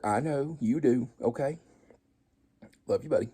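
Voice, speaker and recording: Folksy husky-voiced man. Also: mid-range voice, measured pace, pauses often, warm tone. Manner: folksy, self-deprecating, joking asides to viewers. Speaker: home cooking show host. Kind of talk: casual cooking vlog, tasting and chatting.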